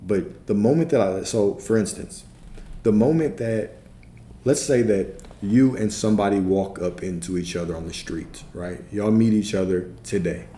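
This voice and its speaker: Teaching live and replying to his chat in a relaxed way, this spiritual coach and streamer often repeats himself and tosses in "right?" to check in. He has a fairly low, dark voice at a normal speed, heard in a roomy recording with faint noise behind it.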